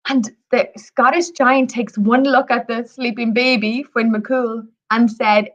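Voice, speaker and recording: A woman telling folklore stories on a video call, chatty and animated. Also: on the high side, slow, few pauses, highs cut off. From Ireland. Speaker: tour operator representative. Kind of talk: storytelling on a live video presentation.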